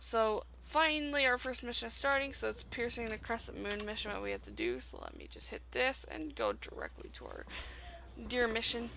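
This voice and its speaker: A woman's voice: fairly high pitch, big pitch swings, moderate pace, gravelly, pushed and bright, a little hiss or hum, rough recording. Chatty young woman narrating gameplay. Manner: chatty, with many fillers. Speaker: let's play host. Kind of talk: casual gameplay commentary.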